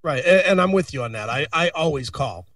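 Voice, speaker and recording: A man's voice: a little high, animated, brisk, a bit bright, no echo, studio quality, distant mic. A man co-hosting a casual radio talk show, recounting a personal story with swearing, just getting over an illness. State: recovering from illness. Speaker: co-host.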